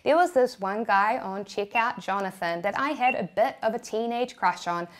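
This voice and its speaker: A woman's voice: medium pitch, animated, normal speed. A young woman with a New Zealand accent narrating a personal story with candid, self-deprecating humor.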